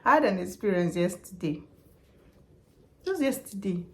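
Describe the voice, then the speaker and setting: Woman vlogging, talks emphatic, says stuff twice, regular pitch. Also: lively intonation, moderate pace. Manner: chatty and emphatic, repeats points. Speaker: vlogger and customer service worker. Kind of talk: casual advice vlog.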